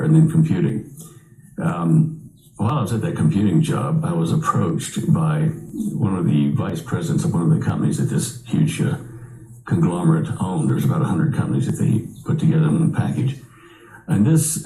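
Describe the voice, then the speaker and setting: A man's voice: low-pitched, creaky, dark tone, roomy sound, low-quality recording. An older man telling a long personal story as an interview guest, rambling with many fillers and restarts.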